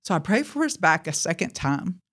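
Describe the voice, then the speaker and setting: A woman's voice: on the low side, very animated, brisk, fairly bright tone. A woman telling a personal faith testimony in a podcast, speaking earnestly and addressing her listeners directly. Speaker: Christian speaker sharing a testimony.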